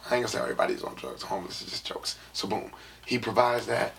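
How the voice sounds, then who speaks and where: A man's voice: lowish voice, very animated, quick pace, vocal fry, fairly bright tone. A young man from San Francisco telling a rambling personal story in casual talk, full of filler phrases and half-whispered asides. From San Francisco, USA.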